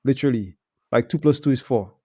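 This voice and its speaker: A man's voice: mid-range voice, quick pace, a little mellow, breathy edge. A man talking as a sales coach in a casual discussion, laid-back and slangy, explaining with examples.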